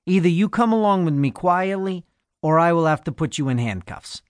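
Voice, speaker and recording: Man doing a firm, steady police officer. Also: a little high, moderate pace, no echo, clean studio sound, pitched above the performer's own voice, close to an everyday voice. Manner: firm, commanding.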